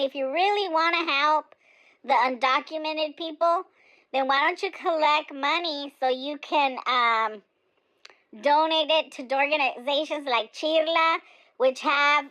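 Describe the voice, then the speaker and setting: Someone playing gorda, a high-voiced chatty older woman. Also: pushed and bright, full character voice, rough recording. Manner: chatty, digressive, many fillers. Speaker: comedic character monologue. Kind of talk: rambling opinion monologue.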